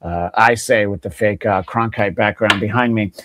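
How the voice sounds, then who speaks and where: A man's voice: fairly low pitch, moderate pace, noisy background. A man hosting a podcast, sarcastically mocking news clips, laughing often between stumbling fillers. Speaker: podcast host.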